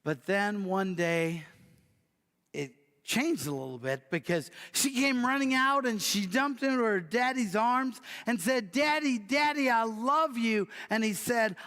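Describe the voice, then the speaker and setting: A man preaching and telling a story, swinging from loud bursts to near whispers. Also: high-pitched. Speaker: pastor. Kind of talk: sermon storytelling. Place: church sanctuary. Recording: long church hall reverb.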